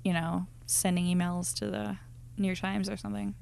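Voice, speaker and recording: A woman co-hosting a podcast, chatting casually and rapidly, full of filler words. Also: medium pitch, little pitch movement, vocal fry, darkish tone. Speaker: podcast co-host. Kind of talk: casual chat.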